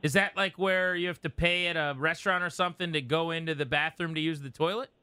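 A man co-hosting a sports radio show, bantering and introducing callers in an upbeat, quick way from a studio microphone. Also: on the high side, steady tone, sharp tone, clean tone, dry recording. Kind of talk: casual radio chat.

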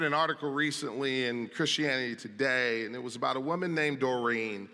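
A man's voice: mid-range voice, fairly quick, few pauses, pushed and bright. A man preaching a sermon as pastor, reading scripture aloud with emphatic delivery. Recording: long reverb of a large hall.

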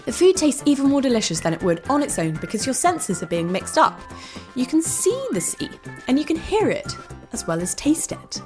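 A woman hosting a children's podcast, reading a scripted narration in a bright, enthusiastic storytelling way. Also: high-pitched, sing-song, moderate pace, soft background music. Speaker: host.

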